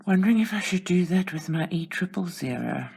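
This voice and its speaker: A woman hosting a coloring video from home, talking quietly and thinking aloud as she works. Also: fairly low pitch, expressive, brisk, creaky, slightly rough. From South Africa. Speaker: coloring channel host. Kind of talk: relaxed narration while coloring.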